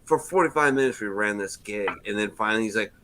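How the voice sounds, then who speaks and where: A man's voice: lowish voice, fast talker, sharp tone. A man hosting a podcast, telling crude stories in casual chat. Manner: crude storytelling. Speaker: podcast host.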